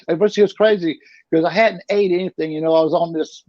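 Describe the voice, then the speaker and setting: A man's voice: on the high side, fairly even intonation, a little fast, no echo. A middle-aged man telling his story casually as an interview guest, rambling and often repeating and restarting his words. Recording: dull lo-fi recording.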